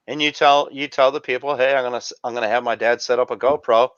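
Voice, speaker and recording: A man's voice: medium pitch, steady tone, fast, fairly bright tone, clear, resonant tone, no room sound. A man hosting a casual chat show, rambling through camera gear with lots of fillers. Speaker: show host. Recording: dull lo-fi dry sound.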